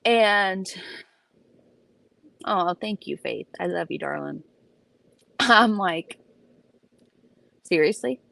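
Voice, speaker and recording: Profane animated woman telling a story. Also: mid-range voice, very slow, creaky, long pauses, no echo. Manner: animated, profane, emphatic retelling. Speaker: vlogger. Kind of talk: casual storytelling chat.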